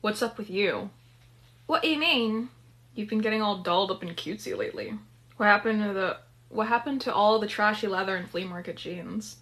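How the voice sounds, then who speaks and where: A woman's voice: mid-range voice, brisk, fairly bright tone, lightly acted. A woman voicing a nosy young female best friend who teases and pries. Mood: teasing. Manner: teasing and nosy. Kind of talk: dramatic story reading.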